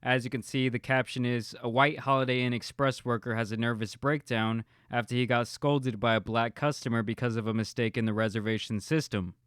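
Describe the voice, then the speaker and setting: A man's voice: mid-range voice, steady tone, a little fast, few pauses, fairly bright tone, clean tone, no echo, studio quality. A man hosting an online reaction video, talking casually and earnestly with lots of "kinda" and "uh" fillers. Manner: earnest, conversational, frequent "uh" and "kinda". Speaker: YouTube reaction host.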